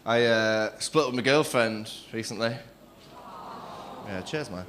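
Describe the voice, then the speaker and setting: A young man doing a crude, cheeky stand-up set on a comedy club stage, acting out other people in quick quoted voices. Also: on the low side, a bit bright, a little hiss or hum. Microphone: stage microphone.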